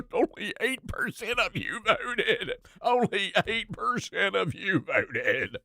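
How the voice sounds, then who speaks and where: Brief: flippant older male senator, laughing and dismissive, as a talk host mocks him, higher, slow sing-song. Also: animated, vocal fry, sharp tone, no room sound, heavily acted. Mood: mocking. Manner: mocking, laughing, slowed sing-song delivery.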